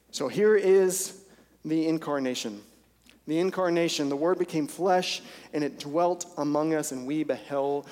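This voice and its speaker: A man's voice: on the high side, a little mellow. A male pastor preaching a sermon in a church service, earnest and intense, repeating phrases for emphasis. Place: church sanctuary during a service. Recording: long church hall reverb.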